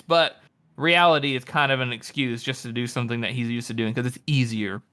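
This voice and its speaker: Bright, opinionated podcast co-host, a man. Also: medium pitch, steady tone, brisk, clean tone. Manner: opinionated, laughing, swears casually. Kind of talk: casual book-discussion podcast.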